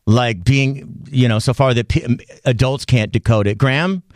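A man's voice: medium pitch, moderate pace, a little mellow, dry recording. A man hosting a radio talk show, chatty and laughing often in a radio studio. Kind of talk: casual studio chat. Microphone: studio mic.

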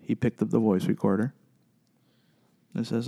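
Mellow-voiced man telling ghost stories. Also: fairly low pitch, steady tone, gravelly, husky. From Texas. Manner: halting, many fillers and restarts, acts out dialogue. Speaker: paranormal investigation group leader. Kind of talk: storytelling guest chat.

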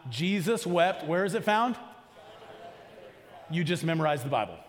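A man's voice: on the high side, very animated, moderate pace, big-room sound. A male pastor preaching a sermon in a conversational way, often asking the congregation questions. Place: church auditorium.

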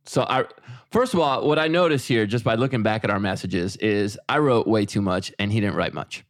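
A man's voice: on the low side, a little fast, dry recording, clean studio sound. A man who hosts radio and co-hosts a podcast, in casual chat with stammering restarts and easygoing banter.

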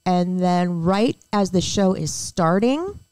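A middle-aged woman co-hosting a podcast, chatting casually, getting excited and laughing often. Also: on the low side, slow, smooth, no room sound. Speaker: podcast co-host. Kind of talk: casual chat.

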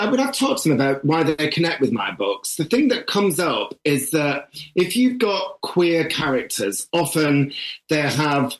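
A man with a northern English accent, an author talking animatedly and emphatically in an interview. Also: fairly high pitch. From northern England. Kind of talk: interview conversation.

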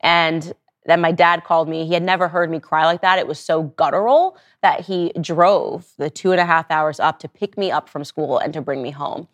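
Woman podcast host, lowish voice, animated storytelling, personal monologue. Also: moderate pace.

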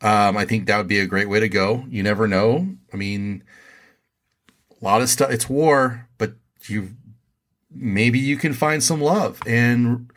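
A man co-hosting a casual podcast, giving laid-back, deadpan advice. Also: fairly low pitch, a little slow. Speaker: podcast co-host.

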